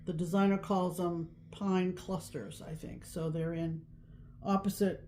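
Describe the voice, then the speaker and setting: A woman co-hosts a laid-back crafting podcast, chatting casually about cross-stitch and rambling with lots of ums and restarts. Her voice is fairly low and warm, with a steady tone and a measured pace. A faint hiss or hum sits under the recording.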